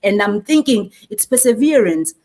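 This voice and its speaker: A woman's voice: medium pitch, moderate pace. South African woman speaking on a panel. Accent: South African, Zulu-inflected. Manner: animated storytelling, mixes in Zulu phrases. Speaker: marketing speaker. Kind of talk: conference panel talk.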